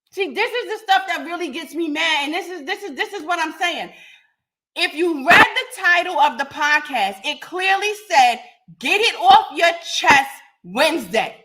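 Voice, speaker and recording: A high-pitched woman hosts a live podcast rant. Her voice is bright and sharp, and she talks bluntly and with a lot of profanity, squaring up to her audience. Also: moderate pace. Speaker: podcast host.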